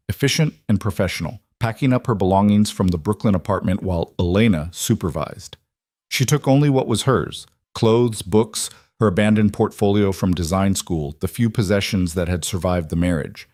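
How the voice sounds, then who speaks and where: A man narrating a drama story in a measured, even storytelling manner. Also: fairly low pitch, no echo, studio quality. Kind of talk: scripted narration.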